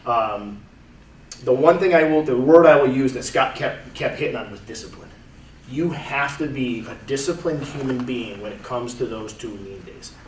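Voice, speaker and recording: A man's voice: mid-range voice, normal speed. A man in his thirties talking casually to a group, repeating and restarting words as he goes. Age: 30s. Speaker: testimonial speaker. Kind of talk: casual testimonial talk to a group. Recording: roomy, from far off, faint noise.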